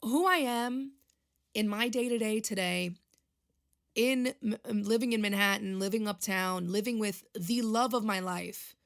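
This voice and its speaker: Creaky and mid-range, the voice belongs to a young Long Island woman chatting alone on her podcast at a measured pace. As host, she rambles through confessional, emotional talk in a relaxed style.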